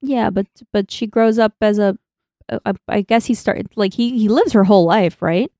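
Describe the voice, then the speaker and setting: A woman co-hosting a podcast, telling stories in an animated way and swearing freely. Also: mid-range voice, moderate pace, no room sound, clean studio sound. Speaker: podcast co-host. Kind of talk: casual chat.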